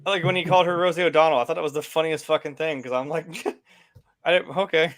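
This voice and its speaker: A man's voice: on the high side, steady tone, a little fast, a bit bright. Rambling man in casual movie chat. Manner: rambling, many fillers, laughs often.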